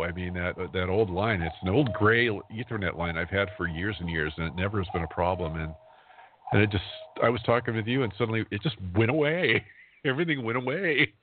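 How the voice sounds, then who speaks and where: A man's voice: fairly low pitch, brisk, noisy background. A man in his fifties hosting a talk radio show, chatting casually and rambling, often laughing as he talks. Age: 50s. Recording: dry, phone-like internet radio audio.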